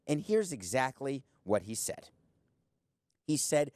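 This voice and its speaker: A man's voice: mid-range voice, very animated, slow pace, pauses often, a little mellow, dry recording. A middle-aged man hosting a sports commentary show from a studio, sarcastic and emphatic, speaking straight to the viewer. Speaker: show host, former team owner. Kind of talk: opinionated sports commentary monologue.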